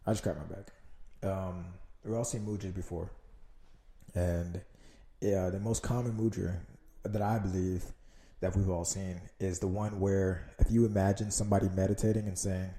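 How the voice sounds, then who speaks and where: Dark-voiced Jamaican man musing on a podcast. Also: sits low, level tone, normal speed, echoey room. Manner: rambling, profane, loses his train of thought. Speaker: podcast host. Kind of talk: casual solo podcast monologue.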